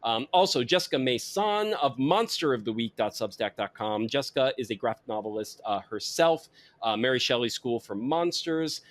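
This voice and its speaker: A man's voice: mid-range voice, animated, normal speed, a bit bright. A man hosting a podcast about wine and comics, talking casually and rambling through his plugs. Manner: rambling, self-correcting plugs. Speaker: podcast host.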